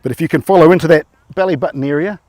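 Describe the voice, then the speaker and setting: A man's voice: on the high side, racing, a little mellow, dry recording. A man coaching rugby players through tackle drills, informal and encouraging, often quizzing them.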